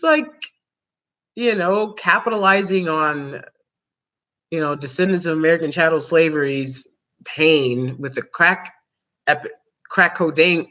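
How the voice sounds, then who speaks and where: A woman talks straight to her audience in a loose, rambling vlog, circling back on herself with fillers and little laughs. Her voice is bright and sharp-edged, with a tense, forward ring to it. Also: deep voice, measured pace. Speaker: vlog host. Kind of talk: casual opinion commentary.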